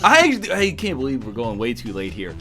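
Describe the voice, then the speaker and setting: Animated, bright-voiced Canadian man. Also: medium pitch, moderate pace, faint music behind. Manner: animated storytelling, laughs often. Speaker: streamer. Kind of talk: casual game-stream banter.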